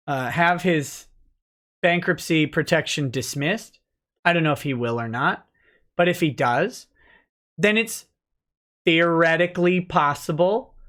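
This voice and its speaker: A man's voice: fairly high pitch, bright, forceful tone. A man hosting a casual livestream, joking and rambling while reading out chat messages. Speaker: livestream host, lawyer.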